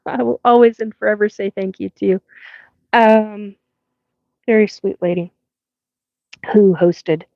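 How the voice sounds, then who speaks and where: Lady host on a live stream, slow rambly storytelling, swears n laughs, kinda muffled dry audio. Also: medium pitch, creaky, no room sound. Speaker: host of a live paranormal show.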